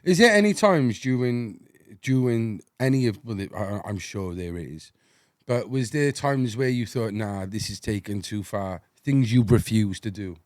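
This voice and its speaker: A man hosting a podcast, chatty and quick to agree, asking his guest leading questions. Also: lowish voice, expressive, darkish tone, dry recording, studio quality. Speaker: podcast host. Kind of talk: casual interview chat.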